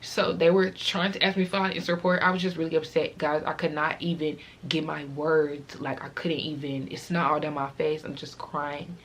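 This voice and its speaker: A woman's voice: low voice, flat delivery, a little fast, hardly any pauses, slight background noise. A teenage girl vlogger telling a casual, rambling storytime, fighting back tears as she talks.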